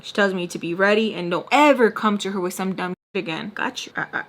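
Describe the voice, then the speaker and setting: Animated woman telling a candid story. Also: medium pitch, fast, hardly any pauses. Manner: animated, candid, swears, many fillers. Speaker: vlogger. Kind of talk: storytime vlog.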